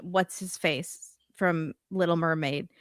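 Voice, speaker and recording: A woman's voice: fairly low pitch, fairly even intonation, slow pace, no room sound, studio quality. A woman chatting as a podcast guest, tossing in playful asides and laughing often. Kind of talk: casual chat.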